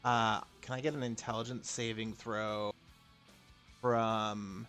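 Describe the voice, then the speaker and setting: A man playing a tabletop game, describing his character's actions with filler pauses. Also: fairly low pitch, level tone, a bit bright, faint music behind. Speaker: player.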